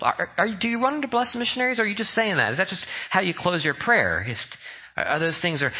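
A man's voice: on the high side, big pitch swings, fairly quick, husky, highs cut off. A man preaching a humorous, conversational sermon as a pastor, often mimicking the way people pray. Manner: joking, conversational, mimics prayer voices. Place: church sanctuary.

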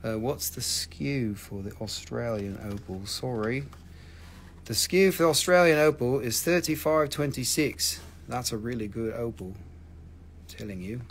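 A man's voice: mid-range voice, animated, unhurried, slight background noise. A middle-aged man hosting a live rock and mineral sale, chatting casually in a profane, rambling way. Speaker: host selling rocks and minerals on a livestream. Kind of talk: casual live sales chat. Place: family-owned rock and mineral shop.

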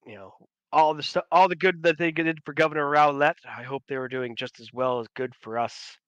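A man doing a loyal army officer in a tabletop game, announcing an arrest in a formal, raised voice. His tone is bright and the sound is close and dry. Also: on the high side, steady tone, fairly quick, smooth, no room sound, natural voice. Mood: formal report. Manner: formal military proclamation. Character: loyal male army lieutenant, formal and dutiful.

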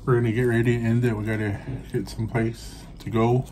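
A man's voice: medium pitch, little pitch movement, brisk, mellow, slight background noise. A man co-hosting a casual family food vlog, joking and playful. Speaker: vlog co-host. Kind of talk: casual chat.

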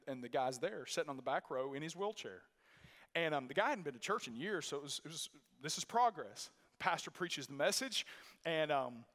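Male pastor, sermon, emphatic, repeats himself, fairly high voice, long church echo. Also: a bit bright. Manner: emphatic and repetitive, storytelling with restarts. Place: church sanctuary. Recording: long reverb of a church hall.

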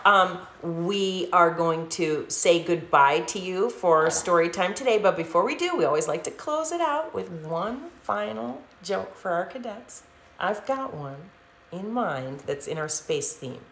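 A woman reads a children's picture book aloud in an animated, playful storyteller's voice, slow and lilting, pitched a touch low. The sound is roomy and echoey with a faint hiss. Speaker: storytime host and mother.

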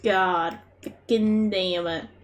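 A woman putting on a gruff, swearing male Australian bushman with a broad rural Australian accent, grumbling slowly. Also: steady tone, slight background noise, natural voice. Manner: slow, low grumbling curses.

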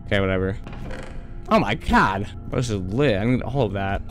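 A man's voice: fairly low pitch, animated, soft background music. A young man casually commenting on a horror game he plays, chatty and full of slang, talking to the creatures on screen. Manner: yelps and rushes when scared. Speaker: gaming YouTuber. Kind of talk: casual let's-play commentary.

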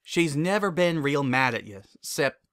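A man's voice: fairly high pitch, lively intonation, measured pace, a bit bright, clean tone, dry recording, clean studio sound. Plain-spoken farm mare, read by a man, country drawl, folksy. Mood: earnest.

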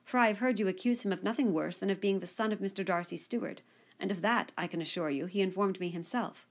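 A woman reading the lines of a spirited, sharp-witted young woman who speaks pointedly and articulately in an audiobook. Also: mid-range voice, quick pace, close to an everyday voice.

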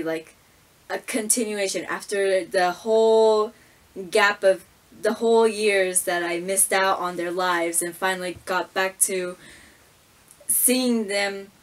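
A young woman from Japan, speaking English, talking casually in a reaction vlog with halting, stammering phrasing. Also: mid-range voice. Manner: stammering, halting, full of fillers. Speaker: vlogger.

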